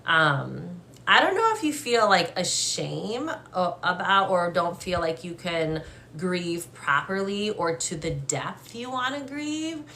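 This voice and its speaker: A young adult woman giving a live-streamed psychic reading, gentle and emotional, hesitant with many fillers and restarts. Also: fairly low pitch, sing-song, slow, few pauses, a little hiss or hum. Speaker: medium.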